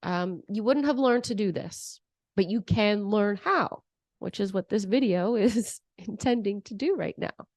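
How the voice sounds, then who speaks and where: A young adult woman with a medium-pitched voice speaks a little slowly as she coaches viewers on emotions, addressing them directly. She animatedly performs parent voices in examples, in a dry, clean studio recording.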